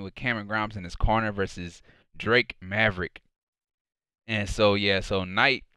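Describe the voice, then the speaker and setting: A man's voice: fairly low pitch, bright, forceful tone, smooth, no echo. A man recapping a wrestling show alone in a casual, rambling way, full of fillers, sometimes acting out quotes with mock heat. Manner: quotes others in a mock-heated voice.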